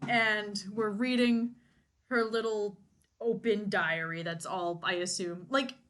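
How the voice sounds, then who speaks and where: A woman co-hosting a podcast in casual chat, easygoing and quick to laugh, steering the talk. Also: medium pitch, steady tone, fairly bright tone. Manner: easygoing, laughs along, leads the segment. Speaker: podcast co-host.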